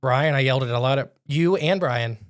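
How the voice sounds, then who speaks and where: Speaking briskly in a mid-range voice, this young man co-hosts a podcast and tells a spooky story in casual chat. He rambles, frequently restarting and correcting himself as he goes.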